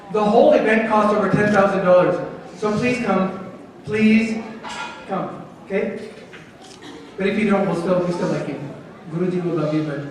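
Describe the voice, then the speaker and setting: Man, high voice, playful coaxing teacher talking to kids, booming echo, far from the mic, faint hum behind. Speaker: children's class teacher. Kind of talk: lively talk to children at a temple program. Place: large echoing temple hall. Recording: echoey hall, voice from far off.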